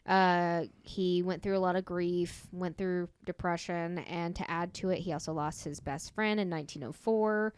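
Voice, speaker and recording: A woman's voice: lowish voice, steady tone, measured pace, few pauses, a little mellow, clear, resonant tone, no echo. A woman co-hosting a podcast, casually telling a story with lots of fillers and self-corrections. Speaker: podcast co-host.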